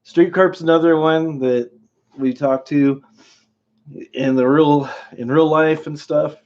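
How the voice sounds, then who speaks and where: A man's voice: a little high, fairly even intonation, slow pace, a little mellow, lo-fi sound. A man hosting a live stream in casual chat, rambling, laughing often and greeting viewers by name.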